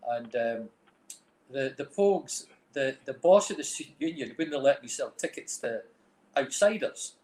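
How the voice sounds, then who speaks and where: Expressive and a little mellow, the mid-range voice moves at a measured pace as a middle-aged Scottish man with a Dundee accent rambles through anecdotes peppered with "like, you know". He's the guest, a film director and music manager, in a casual chat with a roomy echo.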